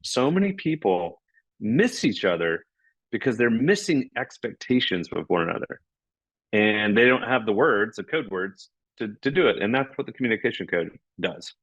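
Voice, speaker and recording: Male podcast guest, low voice, animated explainer, dry muffled recording. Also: moderate pace, breathy edge, no echo. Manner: animated, acts out dialogue. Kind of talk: conversational explanation.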